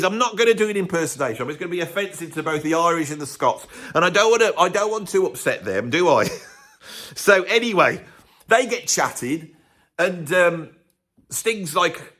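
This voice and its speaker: A man's voice: sits high, a bit bright. Sarcastic man ranting. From United Kingdom. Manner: sarcastic, rambling, self-interrupting. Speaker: musician and video host. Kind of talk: ranting comic monologue to camera.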